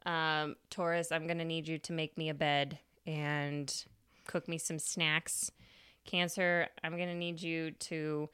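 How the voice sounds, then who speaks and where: A woman's voice: deep voice, flat delivery, slow, fairly bright tone, clean tone, no room sound, clean studio sound. A woman voicing Leo as a bossy figure who declares herself in charge, in a casual storytelling style. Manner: bossy, commanding. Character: bossy sunny Leo, self-declared boss.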